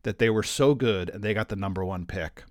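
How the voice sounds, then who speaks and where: A lowish male voice from a man raised in Vermont leads the chat, nudging his guest with easy questions. The sound is dry and close, with no room around it. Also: brisk, no echo. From Vermont, USA. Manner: conversational, prompting questions. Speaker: podcast host. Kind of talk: casual interview.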